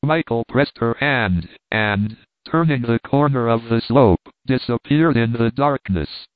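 A man reading a classic adventure novel aloud in a measured, even storytelling manner. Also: mid-range voice, no echo. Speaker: audiobook reader. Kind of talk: scripted narration. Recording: tinny phone-like dry sound.

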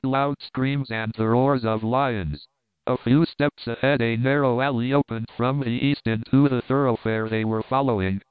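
Male audiobook narrator, measured, dry phone-like recording. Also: medium pitch, clean tone, dry recording. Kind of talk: scripted narration. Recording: dry, tinny phone-like sound.

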